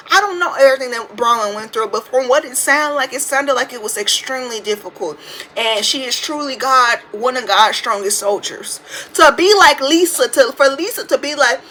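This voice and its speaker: A woman in her twenties with a high voice hosts a podcast, delivering a casual monologue about a reality TV show. Her rant is animated, profane and full of slang, and the recording, made on a phone, sounds rough.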